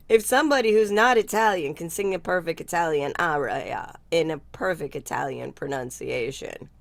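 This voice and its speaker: A woman's voice: sits low, a little slow, creaky, no room sound. An older woman telling a story in a casual chat, blunt and salty-tongued, laughing often. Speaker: guest speaker. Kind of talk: casual video-call chat.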